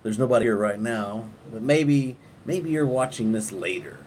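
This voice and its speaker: A middle-aged man hosting a casual live stream at night, talking to viewers in a relaxed, rambling way and often restarting his sentences. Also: lowish voice, normal speed. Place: outdoors at night, windy, on a porch. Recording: wind noise on the mic outdoors.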